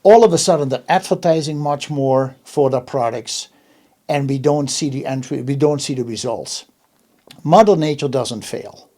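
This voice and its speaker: A man's voice: medium pitch, normal speed, mellow. A man hosting an interview in casual chat, emphatic and often restarting his words. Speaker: host.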